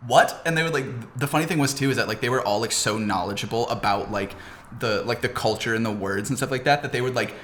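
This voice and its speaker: A man's voice: medium pitch, fast talker, fairly bright tone. A young man co-hosting a podcast in casual chat, rambling with lots of "like" and frequent laughter. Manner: rambling, heavy use of "like", laughs often. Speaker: podcast co-host. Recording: roomy echo, faint noise.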